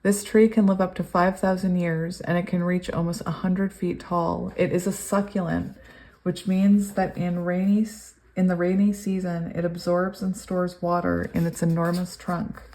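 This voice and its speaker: Woman tarot reader, lowish voice, gushing and giggly, reads card messages in steady cadence. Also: moderate pace. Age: adult, long sober. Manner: excitable, gushing, laughs often. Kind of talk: pick-a-card tarot reading.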